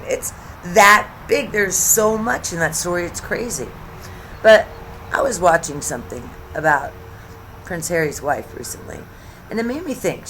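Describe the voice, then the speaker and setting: Speaking deep but fairly bright, this woman in her fifties hosts a YouTube commentary channel from home, drifting between subjects in a chatty, sarcastic way. A little background noise can be heard.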